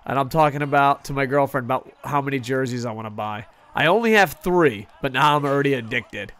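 A man giving casual, excitable commentary on a hockey video game stream, swearing often and poking fun at himself. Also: medium pitch, fairly quick. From United States. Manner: excitable, profane, self-mocking.

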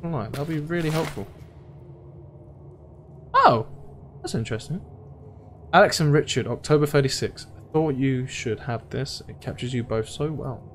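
Young gaming commentator, chatty, playful, reacting aloud, faint noise. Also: male voice, mid-range voice, moderate pace, pauses often, fairly bright tone. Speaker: gaming YouTuber. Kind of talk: let's play commentary.

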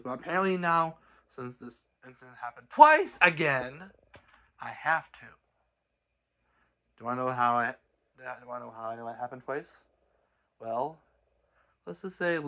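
A young man ranting straight to camera, exasperated and scolding, tripping over restarts and swinging between low mutters and shouted outbursts. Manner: stumbling restarts. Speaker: cartoon creator. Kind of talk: angry direct-to-camera rant.

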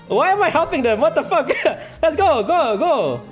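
A streamer giving excitable live gameplay commentary, full of trash talk, laughter, repeated taunts and non-native English grammar. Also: high voice, a little slow, soft background music. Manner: taunting, repeats short phrases.

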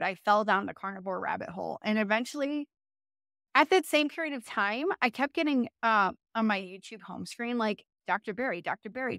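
A woman's voice: a little high, fairly bright tone, no room sound, clean studio sound. Chatty woman telling her story. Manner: chatty, frequent fillers and self-corrections, laughs often. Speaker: interview guest. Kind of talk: casual conversational storytelling.

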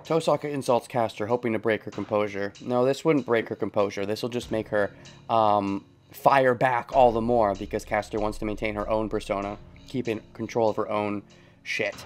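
A man's voice: lowish voice, steady tone, normal speed. A man hosting a let's play, thinking aloud about a story and chuckling often as he comments casually.

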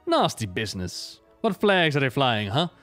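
Cheeky ex-pirate man, jovial and swaggering, voiced by a male narrator, lively. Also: medium pitch, normal speed, faint music behind.

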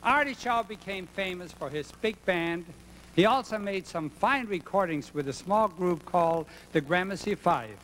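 A man's voice: high-pitched, lively intonation, normal speed, fairly bright tone, slight background noise. A man introducing acts on a 1970s television music show with cheery showman patter. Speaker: bandleader host. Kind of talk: stage announcing. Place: TV studio stage with audience. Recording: reverberant 1970s TV studio stage.

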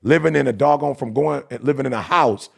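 A man's voice: medium pitch, a little fast, gravelly, husky. A man, hosting a podcast and telling a personal story in casual, slangy talk. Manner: storytelling, animated, slangy, quotes others. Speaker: podcast host.

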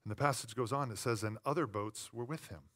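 A man preaching a sermon as pastor, conversational and playful, dropping to quiet asides and rising to loud, emphatic repetition. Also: medium pitch, fast talker.

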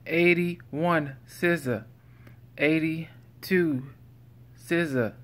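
Slow, bright-voiced man reading a list. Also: on the high side. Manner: slow, deliberate list reading with playful silly asides. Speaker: vlogger. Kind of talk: reading a numbered list to camera.

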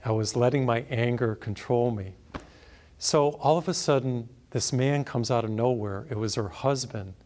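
A man's voice: mid-range voice, normal speed, darkish tone. A man, a priest, preaching a sermon through a personal anecdote, storytelling animatedly and laughing at himself.

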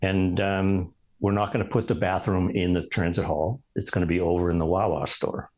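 A male architect guest telling stories in casual conversation, halting, with many ums and restarts. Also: low-pitched, fairly even intonation, a little mellow, poor audio. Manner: rambling, halting delivery full of ums and restarts.

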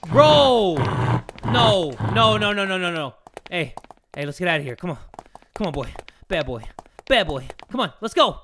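A young man doing let's play commentary on a horror game, excitable, joking crudely and yelling at sudden scares. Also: sits high, normal speed, long pauses, music in the background. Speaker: gaming YouTuber.

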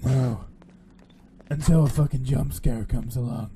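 Slow, mellow man joking through a horror game. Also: mid-range voice, a little hiss or hum. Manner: crude joking, calls himself the Batman in the third person. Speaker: gaming channel host. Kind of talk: casual horror-game commentary.

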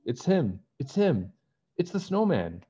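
A man voicing an excitable young girl in a storybook read-aloud, with high breathless squeals. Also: brisk, muffled recording. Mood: excited. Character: excitable young girl, Nancy's friend Bess.

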